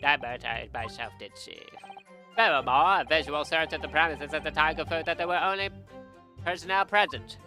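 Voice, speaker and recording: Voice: medium pitch, moderate pace, sharp tone, soft background music. A streamer reading a game aloud and putting on the clipped, barking voice of an eager young soldier witness.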